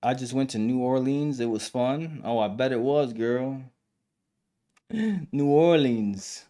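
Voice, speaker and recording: A young man chats on his live stream in a loose, slangy way, full of fillers and restarts. His voice sits at an ordinary middle pitch for a man, and he tells his stories the way he would to friends. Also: steady tone, normal speed, warm tone, clear, resonant tone. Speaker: live stream podcast host. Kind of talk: casual live stream chat.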